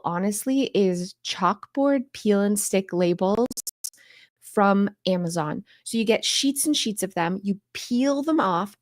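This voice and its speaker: A woman's voice: medium pitch, a little mellow, dry recording, clean studio sound. A woman hosting a live stream on home organizing, talking straight to her viewers in an upbeat, coaxing way and answering their questions.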